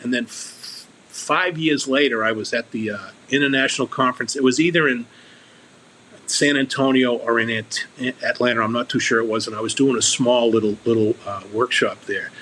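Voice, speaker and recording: A man's voice: mid-range voice, fairly even intonation, moderate pace, a bit bright, a little hiss or hum, poor audio. A man speaking as a guest on a recovery podcast, earnest and candid, often restarting and repeating his words.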